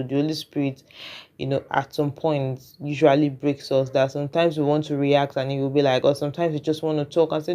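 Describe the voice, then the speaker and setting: Chatty commentator, mid-pitched voice. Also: steady tone, a little fast, mellow. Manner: reflective, chatty, keeps checking in with the viewer. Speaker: reaction vlogger. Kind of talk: casual commentary.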